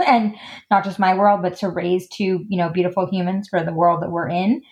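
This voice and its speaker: A woman's voice: fairly low pitch, steady tone, normal speed, darkish tone, lo-fi sound. A woman guest in a casual podcast interview, chatty and full of "like" and "um" fillers. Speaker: guest, stylist and designer.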